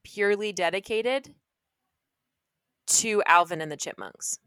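Bright, giggly young woman podcaster. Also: mid-range voice, measured pace, clean tone, no echo, studio quality. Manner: giggly, animated, rambling. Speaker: podcast co-host. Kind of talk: casual chat.

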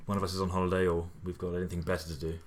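A man's voice: deep voice, little pitch movement, rapid-fire. A man co-hosting a podcast, playful and teasing. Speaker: podcast co-host. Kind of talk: casual chat.

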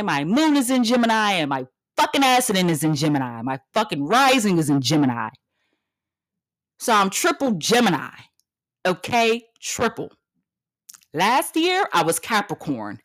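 A woman's voice: mid-range voice, big pitch swings, normal speed, fairly bright tone. Female podcast host, 30s: brash, profane comedic rant, blunt and emphatic, repeats lines for effect. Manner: blunt and confrontational.

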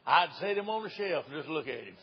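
A man's voice: on the high side, very animated, fast, breathy edge. A man in his sixties with an East Tennessee accent, an evangelist telling folksy, joking stories in a sermon and laughing often. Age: 60s. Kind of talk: humorous sermon storytelling. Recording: dull lo-fi recording.

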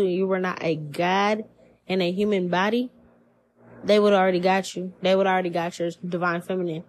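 A woman giving a casual spiritual reading on a podcast, talking in slangy, profane, animated bursts. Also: medium pitch, a little hiss or hum, low-quality recording. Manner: profane, slangy, animated storytelling with put-on quoted voices. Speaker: tarot reader.

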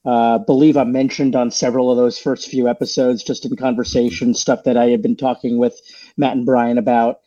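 A man chats as a guest on a podcast, rambling through his story with plenty of fillers and restarts. His voice is mellow and relaxed. The audio is dull and a little lo-fi. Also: medium pitch, a little fast. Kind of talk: casual podcast chat.

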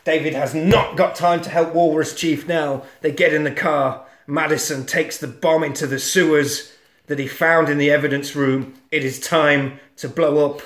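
A man's voice: on the high side, moderate pace, reverberant. A man casually recapping a monster film on a podcast, acting out lines and sound effects with plenty of swearing. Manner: animated storyteller, acts out quotes and sound effects, swears.

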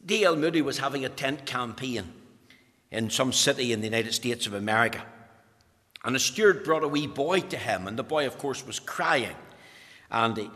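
A man's voice: mid-range voice, fairly bright tone. A man preaching a sermon, fervent and rising to urgent emphasis. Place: church. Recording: long church reverb.

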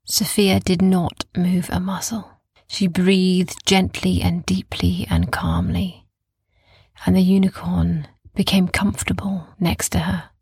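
A woman narrating a bedtime story in a soft, calm, gentle way, often sinking into a whisper, in a dry, close recording. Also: lowish voice, gravelly, breathy edge, no echo. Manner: slow, calm, gentle, repeating soothing phrases.

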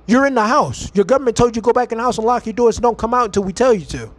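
A man's voice: very high voice, rapid-fire, few pauses. A man hosting a podcast, delivering a heated, mocking and profane ranting monologue from home. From United States. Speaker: podcast host.

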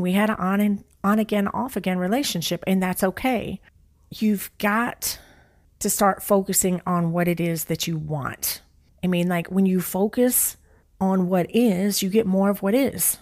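A woman speaking straight to her listeners in a frank motivational talk, voice sitting at a middling pitch. She is blunt and emphatic, drives her points home by repeating them, and drags certain words out slowly for weight, with a casual curse here and there. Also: darkish tone.

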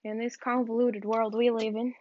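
A woman's voice: fairly high pitch, little pitch movement, normal speed, darkish tone, a little hiss or hum. A young woman from the American South, rambling in a casual vlog with self-mocking, giggly asides while she tidies up. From Southern United States. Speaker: vlogger. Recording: dull, dry lo-fi recording.

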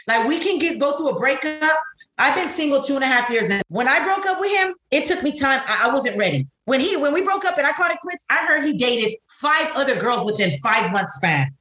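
A woman's voice: sits high, a little fast. A middle-aged woman co-hosting a podcast, talking bluntly and profanely in casual chat. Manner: blunt, profane, animated storyteller. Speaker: podcast co-host. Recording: echoey room.

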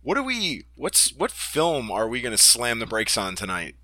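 A man's voice: mid-range voice, huge pitch swings, moderate pace, pushed and bright, a little hiss or hum. A man co-hosting a casual podcast, talking with enthusiasm, laughing often and repeating his words. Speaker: podcast co-host.

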